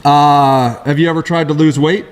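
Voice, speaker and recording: A middle-aged man co-hosting a casual talk show, telling rambling stories in quick, lively bursts. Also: fairly high pitch, smooth. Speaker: co-host. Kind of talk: casual chat.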